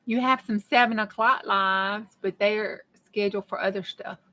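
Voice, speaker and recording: A woman's voice: mid-range voice, fairly even intonation, normal speed, sharp tone. A middle-aged woman, chatting to her viewers in a folksy way while she works on a craft project. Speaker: craft vlogger. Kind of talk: casual chat while crafting.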